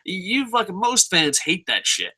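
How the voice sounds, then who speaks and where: A man's voice: high voice, a little slow. A man ranting casually and profanely as he reviews wrestling shows. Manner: profane and animated, mocking others in silly voices.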